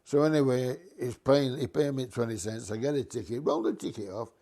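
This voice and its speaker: Older man, retired bus driver type; chatty, mischievous storyteller at an ordinary pitch. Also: a little fast. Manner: lively, mischievous storyteller, dialect grammar. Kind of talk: casual anecdote.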